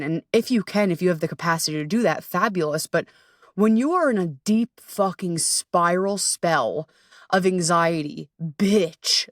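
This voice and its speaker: A woman hosting a podcast, talking candidly and casually, swearing freely and laughing at herself, sometimes jumping into high voices for her inner thoughts. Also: dry recording, studio quality, far from the mic. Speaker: podcast host. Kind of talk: casual confessional monologue.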